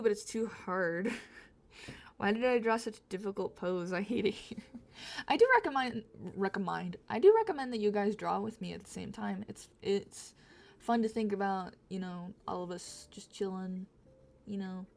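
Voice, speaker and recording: Her mid-range voice is gravelly and moves at normal speed. She's a young woman with a slight Southern US accent, casually chatting to her stream while drawing, rambling, giggly, and prone to correcting herself.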